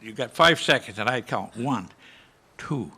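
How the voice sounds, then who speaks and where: Man in his 80s, veteran panelist, gravelly edge, storytelling with spoken gunfire. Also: medium pitch, expressive, a little slow, pushed and bright. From United States. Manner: vivid, with spoken gunshot sounds. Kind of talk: storytelling to a live audience. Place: conference hall panel.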